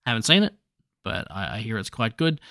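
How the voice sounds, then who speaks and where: A man's voice: lowish voice, big pitch swings, a little fast, gravelly, pushed and bright, no room sound, studio quality. A man hosting a podcast alone, chatting casually about movies in a rambling, jokey way with restarts and swearing. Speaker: podcast host.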